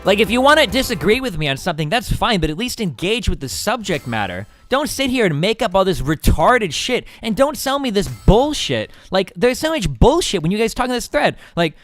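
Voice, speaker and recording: A man's voice: high-pitched, big pitch swings, a little fast, few pauses, fairly bright tone, soft background music. A man streaming, talking casually and heatedly to his chat, profane and combative.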